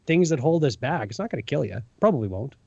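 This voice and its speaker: A man's voice: mid-range voice, sing-song, fast, gravelly, darkish tone, no room sound, dull audio. A man co-hosting a casual podcast discussion who keeps asking "right?" and acts out small scenes as he talks. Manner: conversational, lots of "right?" and "you know", acts out little scenes. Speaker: podcast co-host.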